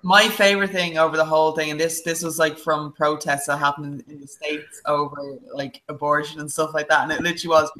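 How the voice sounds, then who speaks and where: A podcast co-host talking in a dramatic, excitable, sweary way. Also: mid-range voice, brisk, hardly any pauses, rough recording. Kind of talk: casual podcast chat.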